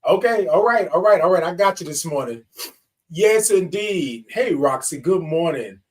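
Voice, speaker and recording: A man on a morning livestream show enthusiastically welcomes his audience, singing drawn-out good mornings and addressing people as y'all and baby. He sounds high and animated, speaks at a moderate pace, and is recorded from a distance.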